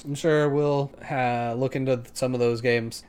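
A man's voice: mid-range voice, fairly even intonation, moderate pace, hardly any pauses, a bit bright. A young man co-hosting a casual gaming podcast, easygoing and laughing as he reads listener mail. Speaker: podcast co-host. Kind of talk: casual chat.

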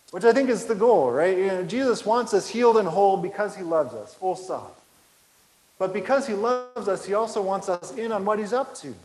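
A man preaching a sermon as pastor, earnest and rhythmic, letting his phrase ends fall soft and quiet. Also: high voice. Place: church sanctuary. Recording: echoey sanctuary with long reverb.

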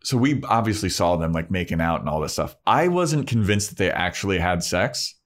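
Deep-voiced man recapping an episode. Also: fairly quick. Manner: animated recapper who acts out characters in high falsetto voices. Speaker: podcast co-host recapping a TV episode. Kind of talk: casual chat.

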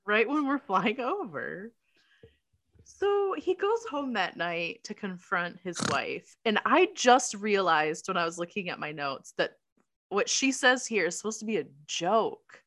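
A woman's voice: mid-range voice, unhurried. A woman co-hosting a casual chat, wryly recapping a movie plot and laughing often. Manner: lively, wry, laughs often. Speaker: podcast co-host.

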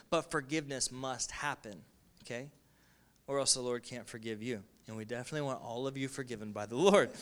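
A man's voice: mid-range voice, fairly bright tone, smooth. A male pastor giving a sermon to a congregation, talking in an emphatic, repetitive, conversational way. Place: in front of a congregation.

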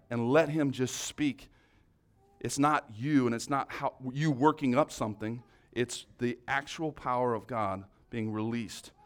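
Earnest higher-voiced man teaching a church group. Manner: earnest, encouraging, swings between loud and soft. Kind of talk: conversational teaching talk.

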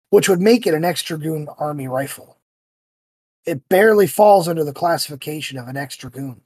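A man hosting a podcast, telling stories in a casual, animated way and acting out the voices he quotes. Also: a little high, a little fast, slightly rough, no echo. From United States. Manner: animated storyteller who acts out quoted voices. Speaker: podcast host.

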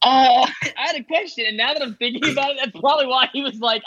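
A man's voice: very high voice, lively intonation, fast talker, few pauses, fairly bright tone, no echo, dull audio. A man from New York telling a long, rambling story in casual podcast talk, full of cursing, fillers and restarts. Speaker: guest rider telling his story.

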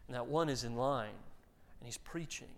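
A man's voice: medium pitch, normal speed. A man preaching a sermon in a conversational way, often repeating words as he starts a sentence and acting out quoted voices. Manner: acts out quoted voices for emphasis. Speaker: pastor.

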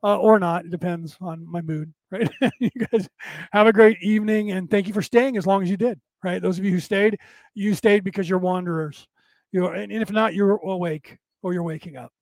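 A man's voice: high voice, steady tone, normal speed, a little mellow, no room sound. Rambling man hosting a livestream. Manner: rambling, with many fillers and restarts. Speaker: host. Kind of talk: casual solo livestream talk.

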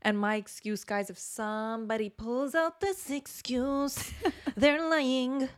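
Young woman on a podcast, blunt, swears a lot, tells stories all animated. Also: sits high, slow pace, clean tone. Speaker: podcast co-host. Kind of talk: casual chat.

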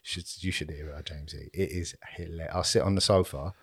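A man's voice: extremely low pitch, steady tone, fast talker, fairly bright tone, husky. A man, co-hosting a podcast, trading laid-back sweary banter. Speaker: podcast co-host. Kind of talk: casual chat.

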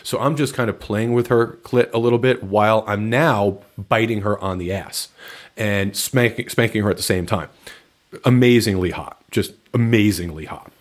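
A man with a fairly low voice tells a personal story to his co-host in plain, unfiltered terms. His delivery is relaxed and matter-of-fact, the easygoing rhythm of casual podcast talk. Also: normal speed.

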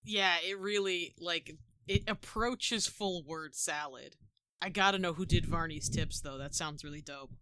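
A woman's voice: on the low side, unhurried, pushed and bright, smooth, no room sound, clean studio sound. A woman co-hosting a podcast, making sarcastic, joking comments between readings. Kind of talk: casual chat.

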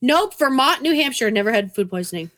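A woman's voice: a little high, animated, a little fast, a bit bright. Blunt, profane New woman. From New England. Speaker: podcast co-host. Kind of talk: casual chat.

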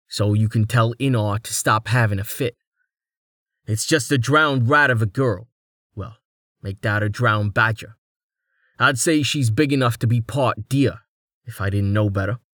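A man's voice: on the low side, measured pace, pauses often, a bit bright, dry recording, studio quality. A man voicing a suspicious, sardonic scout who talks in a curt, matter-of-fact way. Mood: dry suspicious.

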